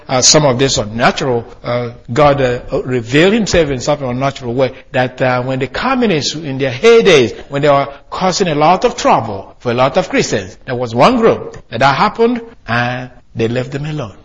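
A man's voice: fairly high pitch, animated, normal speed, a bit bright, breathy edge. A man preaching a sermon, emphatic, with hesitations and restarts as he reads and comments on quotes. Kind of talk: sermon with read-aloud quotes.

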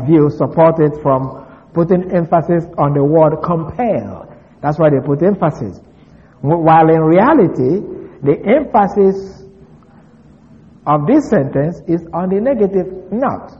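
A man giving a verse-by-verse Bible lesson, measured and deliberate, slowly stressing key words. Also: on the high side. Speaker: Bible teacher. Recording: long reverb, dull lo-fi sound.

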